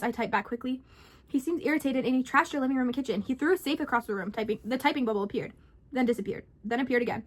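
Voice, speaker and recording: A young woman reads a scary story aloud for her vlog. Her voice sits high, and she leans into the drama of each line. Her delivery is animated and expressive. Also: quick pace. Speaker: vlogger.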